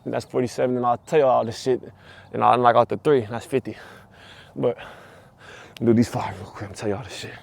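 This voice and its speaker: A man vlogging, telling a long story in a casual, profane and animated rant with lots of repetition. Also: medium pitch, a little fast, creaky, pauses often. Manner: profane, animated, repeats himself.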